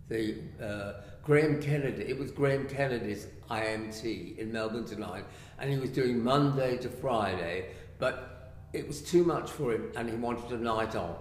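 An older man from England, a writer and actor, telling animated anecdotes and acting out the voices he quotes. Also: mid-range voice, a little hiss or hum. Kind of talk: anecdotal storytelling. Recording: echoey room with long reverb.

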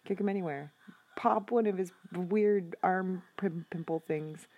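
Husky gravelly woman yelling and whispering at a horror game, slow talker. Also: on the low side, lo-fi sound. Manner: emotional, talks to the screen, swings from whispers to shouts. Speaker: gaming video host.

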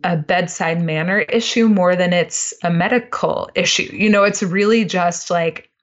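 A woman joins a podcast as a guest and talks earnestly, full of feeling. Her voice sits a little low for a woman, and it comes through dull and lo-fi. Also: a little slow. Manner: earnest and expressive, many "like" fillers. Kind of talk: casual conversation.

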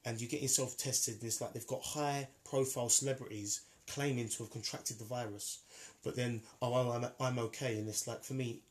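A man's voice: medium pitch, fairly even intonation, fairly quick. A man in a casual debate, talking emphatically and repeating himself as he argues.

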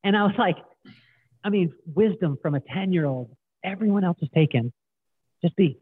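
A middle-aged man guest, telling stories in an animated way and acting out quotes. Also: high voice, normal speed, husky, no room sound. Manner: animated storyteller, acts out quotes. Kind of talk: casual storytelling interview. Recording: tinny phone-like line, dry.

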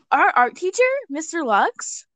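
A woman guest on a podcast chatting casually, animated and laughing often as she acts out quotes. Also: high-pitched, slow pace, dry recording. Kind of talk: casual chat.

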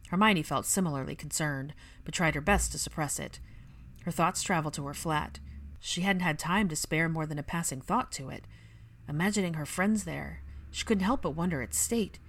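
A woman calmly reading a fan fiction story aloud as narrator. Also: low-pitched. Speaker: audiobook reader.

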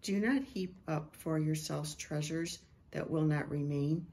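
A middle-aged woman, a Christian prophetic speaker, slowly and reverently reading a prophetic word and sharing a vision. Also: deep voice, warm tone, a little hiss or hum.

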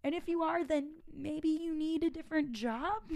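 Young woman, twenties, high voice, frank and chatty, casual swearing, dry close sound. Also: a little slow, vocal fry, darkish tone, dry recording. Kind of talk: casual advice monologue.

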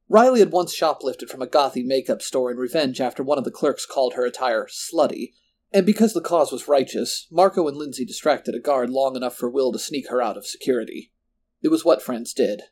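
A man reading a first-person horror story in a measured, descriptive way. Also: mid-range voice, lively intonation, darkish tone. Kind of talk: scripted horror narration.

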